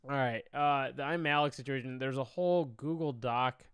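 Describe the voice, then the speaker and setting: A man's voice: medium pitch, moderate pace, fairly bright tone, clean tone, dry recording, clean studio sound. A young man doing casual reaction commentary, talking emotionally, often sighing, swearing and trailing off. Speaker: commentary streamer.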